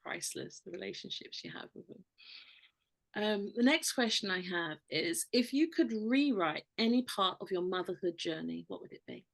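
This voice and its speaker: A podcast host, a woman, asks her guest questions in soft, affirming tones. Her voice has a gravelly edge and rises and falls in a lively way. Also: mid-range voice, normal speed. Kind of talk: interview questions.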